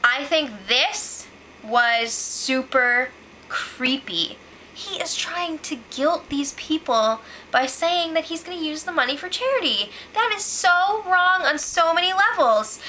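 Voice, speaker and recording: High, bright-voiced chatty woman vlogger. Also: lively intonation, slow pace, a little hiss or hum. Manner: chatty and opinionated, heavy use of "like". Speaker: show recap vlogger. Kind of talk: casual recap vlog.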